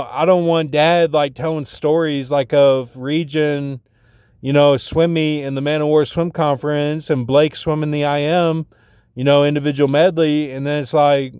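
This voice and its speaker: A man with a slightly raised pitch and a smooth, clear voice rambles through a personal monologue. He leans on fillers and restarts, and his voice climbs as he retells his arguments. The sound is dry and close. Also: darkish tone, no room sound. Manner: retells arguments in an agitated, rising voice.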